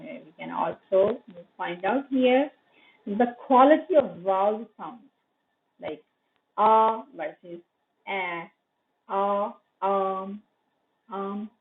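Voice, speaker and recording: A woman from Pakistan with a Pakistani English accent, giving a recorded university lecture, explaining terms, repeating them and correcting herself with fillers. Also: medium pitch. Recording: tinny phone-like audio.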